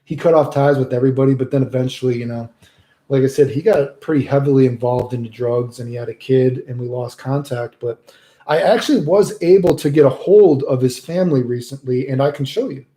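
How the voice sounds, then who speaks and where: A man telling a rambling story on a live stream in a casual, animated way, swearing constantly and saying "dude" a lot. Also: mid-range voice, fairly quick. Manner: loose rambling delivery with restarts and "dude". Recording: roomy echo.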